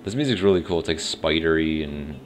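A man with an extremely deep voice talks his way through a video game, rambling and thinking aloud as he goes. He often admits he isn't sure about things. Faint game music plays behind him. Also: a little fast. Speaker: let's play host. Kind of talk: casual gameplay commentary.

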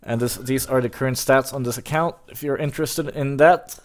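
A man streaming an online game, chatting casually with his teammates, teasing and joking, and now and then breaking into loud cheers. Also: medium pitch, a little fast, few pauses. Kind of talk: casual gaming commentary.

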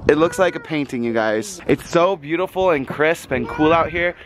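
A man's voice: fairly high pitch, animated, normal speed, background noise. A man hosting a casual family vlog, chatting playfully with his kids and the viewers. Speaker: vlog host, father. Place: outdoors on a home porch.

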